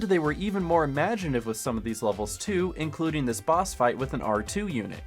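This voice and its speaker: A man giving scripted video game retrospective commentary in a sarcastic, jokey way, breaking into loud exclamations. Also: fairly high pitch, very animated, fast, few pauses, faint music behind. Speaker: gaming YouTuber.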